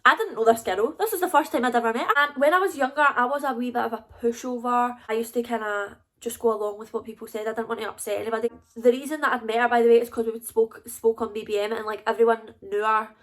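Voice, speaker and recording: A woman's voice: fairly high pitch, fast, few pauses, a bit bright. A young woman with a Scottish accent telling a casual storytime to her viewers, chatty and confiding. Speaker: YouTuber.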